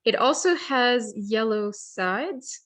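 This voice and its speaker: A woman's voice: fairly high pitch, lively intonation, takes it slowly, fairly bright tone. A woman presenting an online workshop, explaining how to identify warblers by sight and song in a friendly, explanatory way with small restarts. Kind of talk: virtual bird identification lesson. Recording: virtual program audio.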